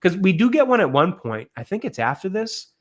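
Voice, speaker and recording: A man's voice: sits high, sing-song, a little fast. Chatty man reviewing a film. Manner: chatty, laughs often, trails off and restarts. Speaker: podcast co-host. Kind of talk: casual film review chat.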